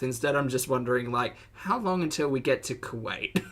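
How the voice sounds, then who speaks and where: Chatty laughing woman streamer, bright voice. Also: extremely low pitch, very animated, unhurried. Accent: Southern US. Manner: chatty, laughs often, greets chat viewers. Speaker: streamer reacting to videos. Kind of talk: casual live-stream commentary.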